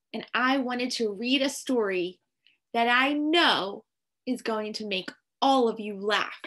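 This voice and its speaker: A woman teacher reading a picture book aloud to young children, slow and animated. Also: on the high side.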